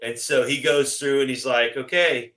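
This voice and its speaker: Bright-voiced man telling a story. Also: medium pitch, moderate pace, poor audio. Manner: animated, acts out quoted exchanges. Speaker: guest. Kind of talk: casual storytelling chat.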